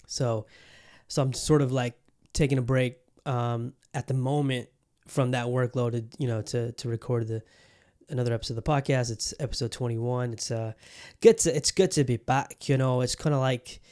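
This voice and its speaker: A man's voice: medium pitch, darkish tone. A man hosting a podcast in loose casual chat, rambling with frequent swearing and restarts. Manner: rambling, profane and self-interrupting. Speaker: podcast host.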